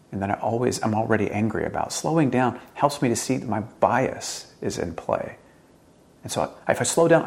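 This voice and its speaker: A man preaching a sermon in an earnest way, rising to emphatic questions and dropping low and quiet. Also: creaky. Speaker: pastor.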